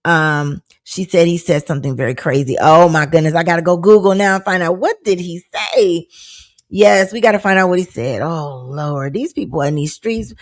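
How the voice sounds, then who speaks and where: A woman's voice: on the low side, normal speed. A woman hosting a live-streamed talk show, chatting loosely and reading out viewer comments with frequent laughs and exclamations.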